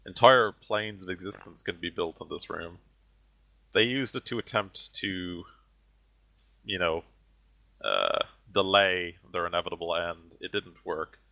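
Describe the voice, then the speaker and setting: Man playing a condescending ancient sorcerer villain: very low, bright-edged, grandiose, muffled lo-fi sound. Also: vocal fry, exaggerated voice. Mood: menacing. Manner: slow, grandiose villain speeches. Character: callous ancient male heretic sorcerer, condescending. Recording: dull lo-fi audio.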